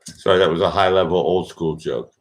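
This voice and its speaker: A man's voice: low voice, brisk. A man from Boston with a Boston accent, hosting his own livestream show in a casual, joking, rambling way full of fillers. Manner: chatty, joking, meandering with many fillers. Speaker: livestream host. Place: indoors in Vienna.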